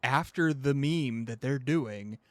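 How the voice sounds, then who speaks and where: A man co-hosting a casual podcast chat with friends, explaining things at length in an animated way and laughing often. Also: mid-range voice, slow pace, no room sound. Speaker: podcast co-host.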